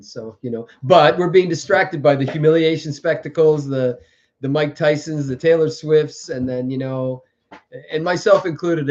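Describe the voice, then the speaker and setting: A man hosting a live stream, talking in a meandering, halting way with many fillers and repeated words. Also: a little high, a little mellow, highs cut off. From French background. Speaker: livestream host. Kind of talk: rambling live-stream monologue.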